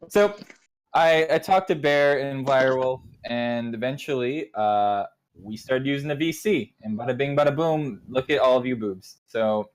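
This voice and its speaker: A man's voice: mid-range voice, moderate pace, a little hiss or hum. A young man casually recounting the history of his online community as its leader, rambling and acting out quoted exchanges.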